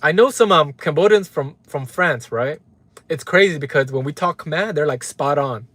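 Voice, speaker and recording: Here a Los Angeles livestream host speaks in an animated voice on the high side, fairly bright, at a moderate pace, recorded dry. He rants heatedly to his chat, swearing often, reading out viewers' names and repeating "right?" to drive things home.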